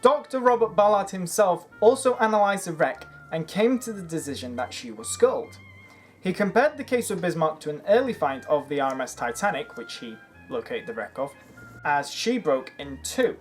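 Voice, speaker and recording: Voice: medium pitch, expressive, moderate pace, soft background music. A channel host reading a scripted history narration, earnestly building an argument point by point. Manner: earnest, argumentative, making a case. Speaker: history video creator.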